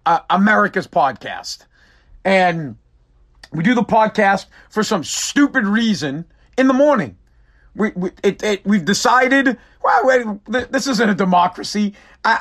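A man's voice: high voice, a bit bright. A tired man hosting his own podcast, ranting in a profane, exasperated, rambling way. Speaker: podcast host. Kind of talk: casual solo podcast rant.

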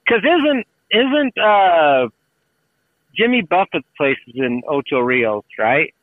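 A rambling man swaps loose travel tales, swears often and acts out other people's lines. His voice sits a little high and sounds tinny and thin, like a phone line in a dry room. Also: big pitch swings, slow, no echo. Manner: rambling storyteller, swears freely, acts out quotes. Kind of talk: casual chat.

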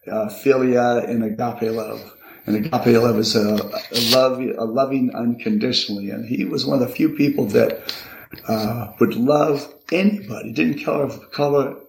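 Older male guest, gravelly voice, halting reflective delivery, echoey room. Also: mid-range voice, a little hiss or hum. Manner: halting and reflective, often repeating words. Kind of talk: conversational interview. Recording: roomy echo.

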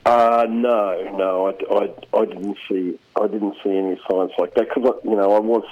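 A man chatting casually as a regular radio commentator, talking in a rambling, halting way with many restarts. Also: lowish voice, fairly even intonation, lo-fi sound.

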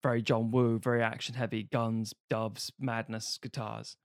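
An animated man from the UK co-hosts a casual film podcast, dropping into comic bits and swearing freely. His voice sits at an everyday middle pitch and comes across dry and close to the mic. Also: normal speed, no echo. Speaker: podcast co-host.

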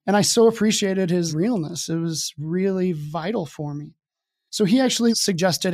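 A man's voice: sits high, moderate pace, a little mellow. A young adult man telling his own story as a podcast guest, candid and casual, with wry self-deprecating humor.

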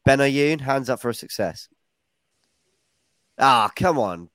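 A man hosting a fan podcast in an easy, chatty way, teasing his panel and throwing questions at them. His voice sits at a middling pitch and sounds dry and close to the mic. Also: lively intonation, takes it slowly, fairly bright tone, no room sound. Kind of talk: casual chat.

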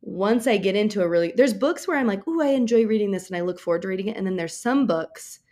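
A woman's voice: mid-range voice, animated, fast talker, a little mellow. A woman in her thirties co-hosting a podcast, chatting in a giggly, rambling way. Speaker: podcast co-host. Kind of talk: casual chat.

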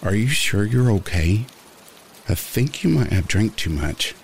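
A man voicing a worried young adult woman, the narrator's cousin, who asks gentle, concerned questions. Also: lowish voice, big pitch swings, a little slow, vocal fry, slight background noise, voice pushed up, exaggerated voice.

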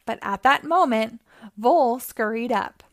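A woman hosting storytime, reading a children's picture book aloud in a gentle, clear way. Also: fairly high pitch, animated, a little slow, dry recording. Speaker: storytime host.

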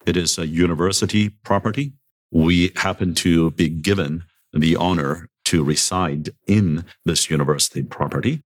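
A middle-aged man with an extremely low, deep voice speaks as a university president in a podcast interview. He is good-humored and self-deprecating, slipping chuckles between his remarks, and talks into a podcast microphone. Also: fairly even intonation, normal speed.

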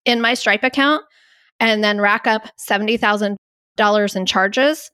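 A woman's voice: fairly high pitch, a bit bright, no room sound, studio quality. A woman hosting a podcast, telling a story in an anxious, incredulous way and laughing at herself now and then. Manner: anxious, incredulous retelling with self-mocking laughs. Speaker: podcast host. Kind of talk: candid storytelling monologue.

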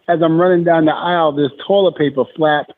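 A man's voice: a little high, steady tone, moderate pace. Man telling stories over a tinny line. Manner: rambling storyteller, frequent fillers. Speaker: guest. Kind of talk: casual chat. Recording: tinny phone-like remote line with faint noise.

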